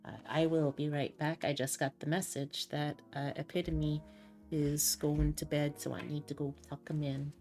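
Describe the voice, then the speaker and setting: Deep-voiced woman with gravelly fry. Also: flat delivery, moderate pace, darkish tone, faint music behind. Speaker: streamer host. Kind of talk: reading game text aloud and casual chat.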